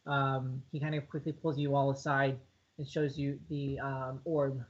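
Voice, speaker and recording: A man's voice: medium pitch, flat delivery, measured pace. A man narrating a tabletop game as game master in a casual, hesitant way. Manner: casual, hesitant with many ums. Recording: dull lo-fi audio.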